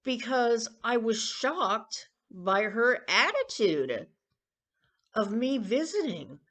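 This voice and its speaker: Woman in her sixties, lively, confiding. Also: a little high, slow pace. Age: 60s. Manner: rambling, confiding, aggrieved. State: coughing, throat-clearing. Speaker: vlogger. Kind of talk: casual personal vlog.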